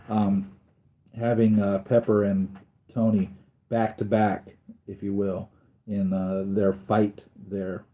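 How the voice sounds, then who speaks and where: Mellow-voiced man chatting on a live stream. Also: lowish voice. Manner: rambling, thinks aloud, corrects himself; reads and answers viewer comments. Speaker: collectibles channel host. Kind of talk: casual live-stream chat.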